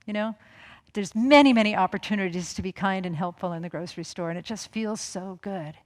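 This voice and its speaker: A woman minister delivers a relaxed, conversational sermon in a church sanctuary. She tells everyday stories and briefly acts out the people she quotes. Her mid-range voice rings with a long hall reverb. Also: medium pitch, a little fast. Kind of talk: spiritual sermon.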